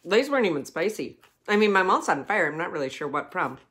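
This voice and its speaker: A woman's voice: fairly low pitch, big pitch swings, fast talker, fairly bright tone. A woman casually reviewing snacks, blunt and chatty, reading details off the packaging. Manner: blunt, reads packaging aloud. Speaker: food reviewer. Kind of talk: casual food review chat.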